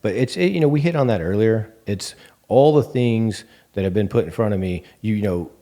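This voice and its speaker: Deep, mellow Texan man telling stories. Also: fairly quick. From Texas Panhandle. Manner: animated, acts out quoted dialogue with many fillers. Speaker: bank CEO, guest. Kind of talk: casual interview storytelling.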